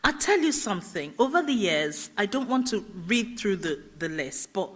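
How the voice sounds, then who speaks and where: A middle-aged woman telling her life story as a festival speaker, animated and laughing often as she acts out what people said. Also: mid-range voice, moderate pace. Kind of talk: personal storytelling talk. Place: festival stage.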